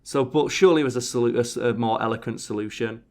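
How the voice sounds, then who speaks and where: A man's voice: mid-range voice, fast, a little mellow. A man hosting a casual podcast chat, sarcastically reading out survey answers. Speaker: podcast host.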